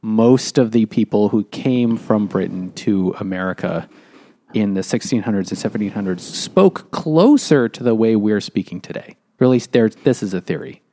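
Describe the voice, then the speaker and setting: A man co-hosting a casual book podcast, calmly explaining history theories. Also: on the low side, normal speed. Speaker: podcast host. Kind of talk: casual book chat over beers.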